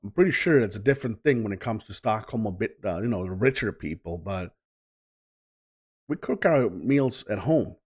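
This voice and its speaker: A Swedish man with a Swedish accent, reacting bluntly to a video in casual commentary, halting with many fillers. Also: on the low side, animated, slightly rough. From Sweden. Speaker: reaction channel host.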